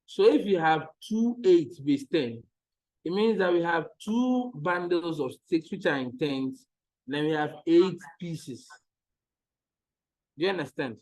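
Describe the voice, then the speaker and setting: A man's voice: a little high, lively intonation, a little slow, a little mellow, low-quality recording. A man teaching maths in an online lesson, patiently repeating each step and checking that the students follow.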